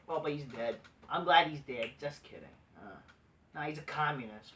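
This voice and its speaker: A woman rants about a wrestling broadcast in a bright, tense voice, swearing freely and tossing in sarcastic asides. She circles back with "like" and false starts. She sits a little back from the microphone. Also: deep voice, moderate pace, distant mic, a little hiss or hum. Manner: profane, repeats "like" and restarts often, sarcastic. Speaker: wrestling show reviewer. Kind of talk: ranting show review.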